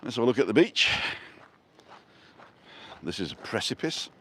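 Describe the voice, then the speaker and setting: His pitch is fairly low but his tone is fairly bright, and he speaks at a moderate pace with a sing-song lilt. The middle-aged Manchester vlogger from North West England rambles casually while filming a walk along a seaside walkway, with slight background noise.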